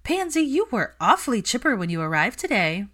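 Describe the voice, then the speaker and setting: A woman's voice: on the high side, sing-song, fairly quick, fairly bright tone, voice pushed up. A woman voicing a playful young witch who banters wryly with her friends, in a storybook reading. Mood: bantering.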